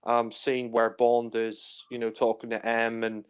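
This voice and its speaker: This young film reviewer's casual discussion is full of fillers and silly-voiced reenactments of scenes. Yet his medium-pitched voice is completely flat in delivery, smooth, and a little slow.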